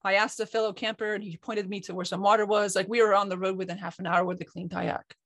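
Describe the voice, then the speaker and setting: A woman's voice: medium pitch, fast talker, no echo. A woman co-hosting an online talk, candidly telling a personal story with lots of restarts. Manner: candid, animated, frequent restarts and fillers. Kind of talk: personal storytelling in a group call.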